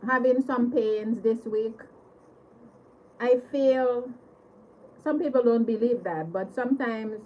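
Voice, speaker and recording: High-voiced woman chatting slowly on a livestream. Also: highs cut off, slight background noise. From Caribbean. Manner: giggly and apologetic, thanking viewers over and over. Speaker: livestream host. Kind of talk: casual livestream chat. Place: home living room.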